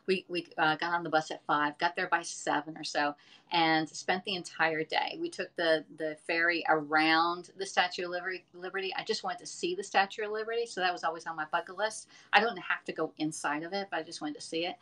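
A woman's voice: fairly low pitch, steady tone, a little fast, sharp tone. A middle-aged woman in casual live-stream chat, rambling and chatty as she talks to viewers from her home kitchen.

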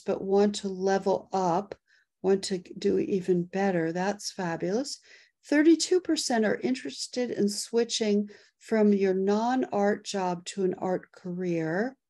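Woman host, slow-paced, excitable, laughing often, casual webinar talk, video call mic. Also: mid-range voice. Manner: excitable, laughs often while reading poll results and chat. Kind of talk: casual live webinar chat.

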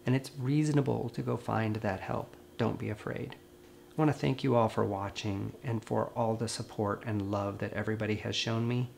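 A grieving man, a veterinarian, speaks to camera in a gentle, earnest and consoling way. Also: on the low side, steady tone, normal speed, gravelly, a little hiss or hum. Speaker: veterinarian and video host. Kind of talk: personal vlog talk to camera.

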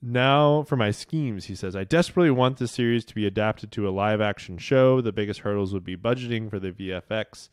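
A man co-hosting a podcast, reading listener messages aloud in a relaxed, amused way. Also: lowish voice, brisk, few pauses, smooth, no room sound, studio quality. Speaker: podcast co-host.

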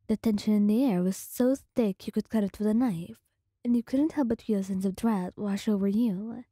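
A young woman narrating a romantic listener story in a slow, hushed, intimate ASMR style. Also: medium pitch, husky, no room sound, clean studio sound.

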